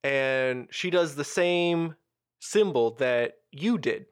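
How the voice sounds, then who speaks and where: A man narrating a tabletop role-playing game as game master, with measured, descriptive storytelling. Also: on the high side, expressive, smooth, dry recording, clean studio sound.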